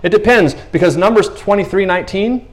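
A man preaching a sermon in a conversational, animated way, acting out the voices of the people in the stories he tells. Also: sits high, a little fast.

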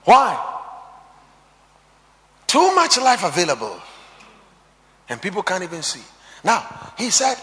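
A high-pitched man preaches with a wildly animated voice, swinging from shouts down to near-whispers as he quotes scripture. His sermon rings with a long reverb, as in a large hall. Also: slow pace, pauses often. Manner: preaching with sudden shouts and quiet drops, quoting scripture.

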